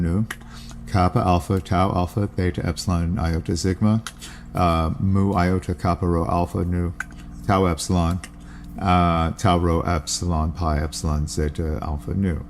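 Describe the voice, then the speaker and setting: A man's voice: sits low, a little mellow, slight background noise. A man hosting a podcast, reading aloud from a classical text with plain asides and spelling out Greek words letter by letter. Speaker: podcast host.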